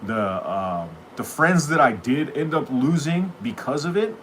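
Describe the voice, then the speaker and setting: A man's voice: on the high side, lively intonation, unhurried, fairly bright tone, a little hiss or hum. A middle-aged man hosting a live show, talking casually in a profane, rambling, heated way. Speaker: podcast host. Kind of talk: casual live-stream chat.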